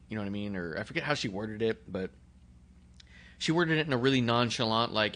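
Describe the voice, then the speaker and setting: A man's voice: mid-range voice, expressive, fairly bright tone. Man, podcast co-host, casual rambling delivery, frequent laughs. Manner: rambling, laughs often, quick asides. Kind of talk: casual chat.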